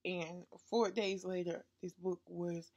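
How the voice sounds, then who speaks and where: A woman's voice: fairly low pitch, little pitch movement, slow pace, dark tone, highs cut off. A woman with a stuffy nose chatting through a book review on her vlog, gushing about what she read.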